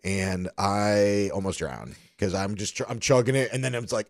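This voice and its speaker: A man's voice: fairly low pitch, normal speed, no echo. A man co-hosting a casual podcast, telling stories in a laid-back way, often laughing and saying "yeah.". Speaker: podcast co-host. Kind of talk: casual chat.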